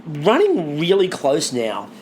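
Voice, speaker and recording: A man co-hosting a podcast in casual chat, animated, swearing freely and listing things off. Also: on the high side, slow, slight background noise. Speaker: podcast co-host.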